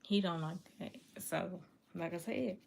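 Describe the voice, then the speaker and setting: Low gravelly woman, earnest and repetitive. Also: steady tone, a little slow, slight background noise. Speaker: livestream vlogger reading viewer comments. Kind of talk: casual confessional talk to viewers.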